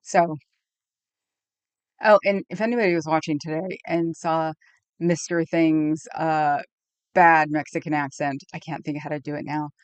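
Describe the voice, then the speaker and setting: A woman's voice: low voice, steady tone, normal speed, clean tone, dry recording, highs cut off. A woman live streamer chatting casually with her viewers in a rambling way, laughing often and reacting to the chat.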